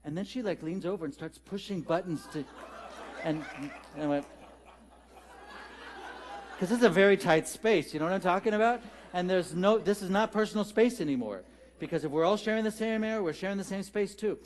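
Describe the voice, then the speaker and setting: A man giving a storytelling sermon, conversational and humorous, who talks directly to his congregation. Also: high voice. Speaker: minister. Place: church sanctuary.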